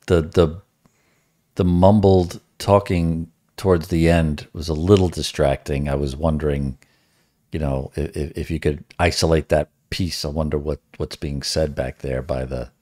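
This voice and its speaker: A man's voice: rumbling low, darkish tone. A middle-aged man, a father reacting to music, who talks in a musing, hesitant, wry way. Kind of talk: casual reaction chat.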